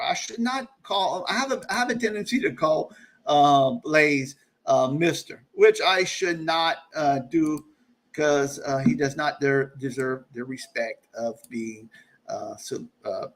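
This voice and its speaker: A man's voice: high voice, sharp tone. A man hosting a casual live stream from home during a storm, jokey and chuckling, with rambling asides. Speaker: livestream host.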